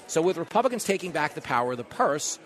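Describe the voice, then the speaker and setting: Animated joking radio host, man. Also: on the high side. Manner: fast joking riffs, big swings in loudness. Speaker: radio talk show host. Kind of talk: comedic talk radio monologue. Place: live event venue.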